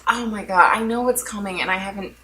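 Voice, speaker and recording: A woman's voice: medium pitch, fast, pushed and bright, a little hiss or hum. A woman co-hosting a casual chat, talking in a chatty, slightly nervous way with lots of fillers. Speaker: podcast co-host.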